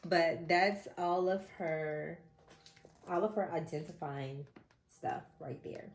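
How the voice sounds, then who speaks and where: Low-voiced woman telling a personal story. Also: slow pace, slight background noise. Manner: candid, emotional, rambling with many fillers. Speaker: vlogger and mother.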